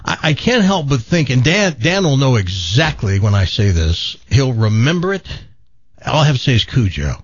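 Animated male radio host telling stories. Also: medium pitch, normal speed, dry recording, muffled recording. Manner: animated, laughing storyteller with restarts. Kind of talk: casual radio talk, storytelling. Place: radio studio. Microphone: studio mic with headphones.

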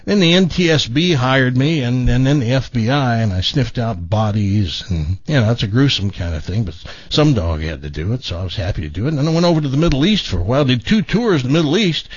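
Guy playing a chatty old german shepherd dog bragging away, lively ups and downs, kinda dull dry sound. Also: medium pitch, quick pace, few pauses, slightly rough, no room sound. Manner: matter-of-fact, rambling storyteller brag. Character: boastful older male talking German Shepherd dog.

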